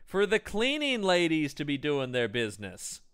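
A man co-hosting a casual film-review podcast, animated and laughing as he acts out scenes. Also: fairly high pitch, normal speed, clear, resonant tone. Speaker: podcast co-host.

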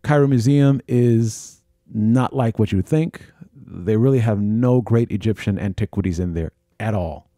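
A man hosting a podcast, telling a travel story in an animated way and acting out the dialogue. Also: on the low side, a little slow, no echo, studio quality. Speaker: podcast host. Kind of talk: storytelling monologue.

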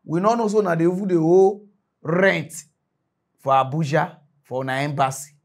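A man with a Nigerian accent hosting a mock news show, ranting comically and swinging between loud outbursts and low mutters. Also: normal speed. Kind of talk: comic satirical rant.

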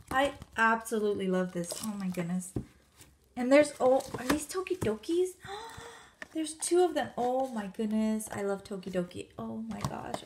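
A woman vlogger unboxing a gift package, gushing and gasping with excitement. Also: high voice, noisy background.

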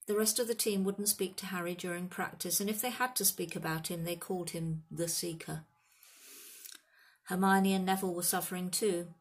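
A woman narrating a children's fantasy book in a steady, expressive reading voice. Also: on the low side. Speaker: audiobook reader. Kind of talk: storybook narration.

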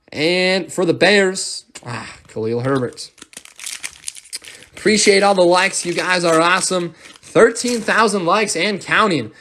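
Young male card-break host, fairly high voice, upbeat and quick to call names, wrapper crinkle behind. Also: fairly bright tone, slight background noise. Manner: upbeat, rattles off player names, thanks viewers. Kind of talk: live card break commentary.

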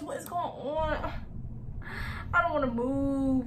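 A woman with a fairly high voice gives jittery horror game commentary, talking to herself and the viewers. She speaks slowly and drawn out. Loud game noise runs behind her. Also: low-quality recording. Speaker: gaming creator.

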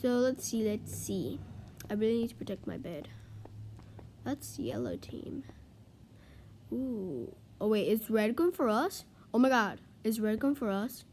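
A woman's voice: on the high side, measured pace, gravelly, darkish tone. A woman talking through a video game as she plays, chatty and easily flustered, breaking into frantic panic when things go wrong. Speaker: gaming video creator. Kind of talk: live gameplay commentary.

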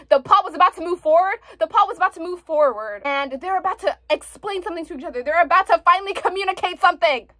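A woman's voice: very high voice, fairly bright tone, no room sound. A young woman reviewing a book in a casual vlog, ranting with exasperation and frequent swearing.

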